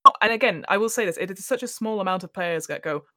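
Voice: medium pitch, fast talker, bright, forceful tone, dry recording. A podcast guest who also runs games talks shop about game mastering, chatty and reflective. The speech is full of "you know"s and easy asides. The recording is close and completely dry. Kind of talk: casual podcast chat about tabletop games.

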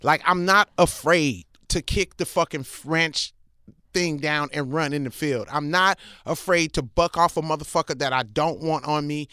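A woman comedian tells stories in a brash, profane, animated way. Her voice is forceful and pushes hard. It is recorded close and dry, with no room sound. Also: low voice, normal speed, clean tone, dry recording. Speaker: guest, comedian. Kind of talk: casual interview chat.

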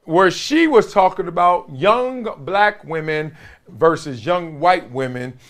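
A man's voice: a little high, slow, fairly bright tone. A man from Compton hosting his own show, talking in a casual, joking monologue and laughing often. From Compton, Los Angeles. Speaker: show host.

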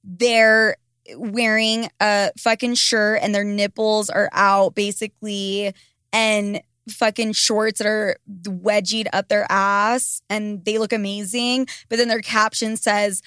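A woman's voice: mid-range voice, slow, clean tone, dry recording, clean studio sound. A young woman chatting frankly on a podcast, blunt and profane, telling stories with lots of energy. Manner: blunt, profane, animated storytelling. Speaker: podcast co-host. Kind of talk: frank casual chat.

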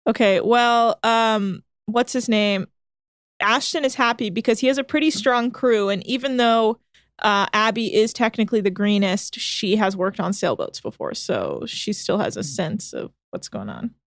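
A woman's voice: medium pitch, expressive, no echo, clean studio sound. A woman co-hosting a podcast, recapping episodes in casual chat with a teasing, laughing manner. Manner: teasing, quick to laugh, chatty summarizing. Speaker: podcast co-host recapping a show.

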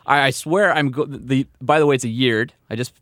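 A man's voice: mid-range voice, brisk, a bit bright, no echo, clean studio sound. A young man co-hosting a podcast, talking enthusiastically and laughing often. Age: young adult. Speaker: podcast co-host. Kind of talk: casual podcast chat.

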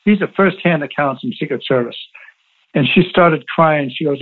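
A man's voice: on the high side, moderate pace. Emphatic man on a phone line. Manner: emphatic, repetitive storytelling. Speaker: interview guest, former Navy SEAL. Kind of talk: interview over the phone.

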